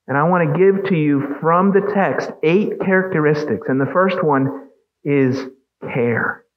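Male pastor, slightly high voice, unhurried emphatic sermon delivery, muffled lo-fi recording. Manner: emphatic preaching with rhetorical questions.

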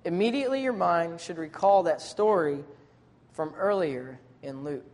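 Preacher delivering a sermon. Relaxed, slangy, animated storytelling, mid-range pitch. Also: normal speed, long reverb tail. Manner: casual, conversational preaching with modern slang; lively, dramatic retelling of scripture scenes.

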